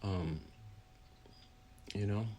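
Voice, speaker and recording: Grieving guy with a super low voice, halting, lots of restarts, slips into whispers sometimes. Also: steady tone, slight background noise. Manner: halting, with many pauses and restarts; drops to a soft whisper at times. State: grieving, voice heavy with emotion. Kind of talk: heartfelt personal account.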